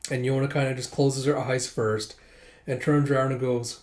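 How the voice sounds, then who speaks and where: A man's voice: medium pitch, level tone, normal speed. Brief: man, casual read-aloud narrator, conversational, fillers. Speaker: manga reader and narrator.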